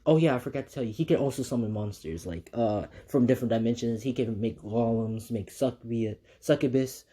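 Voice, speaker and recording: A man's voice: medium pitch, a little fast, dark tone. Rambling man retelling a fan story. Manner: rambling, many fillers and restarts.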